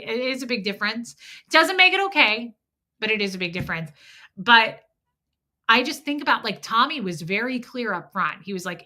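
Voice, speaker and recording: Bright-voiced woman livestreaming. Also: mid-range voice. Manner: candid, animated retelling with acted-out quotes and swearing. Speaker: livestream host. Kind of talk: casual live chat storytelling.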